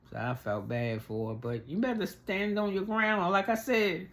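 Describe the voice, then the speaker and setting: A woman's voice: low voice, moderate pace, hardly any pauses. Chatty profane woman recapping a show. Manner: animated, profane, chatty, acts out quotes. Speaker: reality TV recap vlogger. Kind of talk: casual profane storytelling recap. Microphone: on camera, speaking to viewers.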